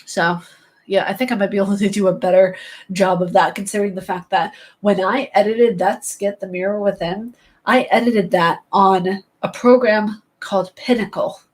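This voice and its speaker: A woman streamer talks to her live chat in a loose, playful ramble. Her voice sits at a middle pitch, and she hops from one thought to the next. The delivery is relaxed and chatty. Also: normal speed, rough recording. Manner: playful, chatty, jumps between topics. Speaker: gaming streamer. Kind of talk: casual chat with live viewers.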